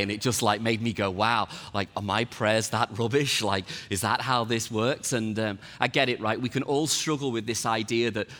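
Tearful pastor giving a testimony. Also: male voice, a bit bright. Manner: emotional, voice rising high and tearful. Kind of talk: personal testimony sermon. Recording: long reverb with faint music.

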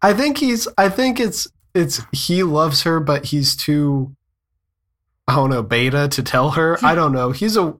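A man's voice: a little high, lively intonation, a little slow, fairly bright tone. A man co-hosting a film podcast, dry and sarcastic, mocking the movie. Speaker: podcast co-host. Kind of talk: casual chat.

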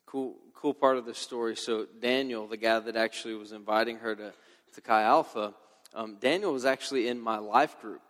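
A man's voice: medium pitch, normal speed, fairly bright tone. Man, conversational church testimony, reverberant sanctuary, off-mic. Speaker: husband sharing testimony. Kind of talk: personal faith testimony. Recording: echoey hall sound, from a distance.

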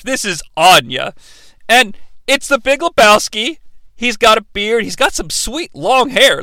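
A man's voice: sits high, pushed and bright, dry recording, clean studio sound. A man hosting a profane, joking recap of a movie. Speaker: movie reviewer host.

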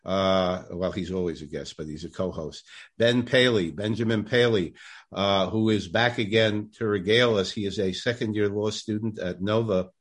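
Low-voiced man hosting a podcast. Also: moderate pace, breathy edge. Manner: hesitant, many filler words. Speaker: podcast host. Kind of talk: casual podcast interview.

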